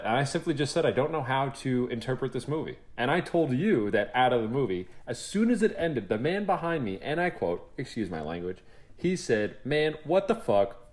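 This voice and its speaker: A young man co-hosting a podcast, chatting casually and acting out what people said, with some swearing. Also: medium pitch. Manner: animated storyteller, acts out quotes, swears freely. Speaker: podcast co-host. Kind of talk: casual chat.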